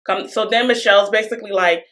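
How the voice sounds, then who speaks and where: A woman's voice: mid-range voice, fast. A woman co-hosting a podcast, casually and animatedly retelling a reality show and acting out what people said, with frequent laughter. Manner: animated storyteller, acting out quotes; laughs often. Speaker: podcast co-host.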